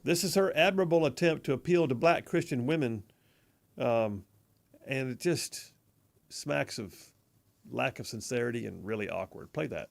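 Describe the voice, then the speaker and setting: A man hosting a conservative talk radio show in a studio, mocking and animated, stretching words for emphasis. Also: medium pitch, normal speed, gravelly. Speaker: radio host. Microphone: studio mic.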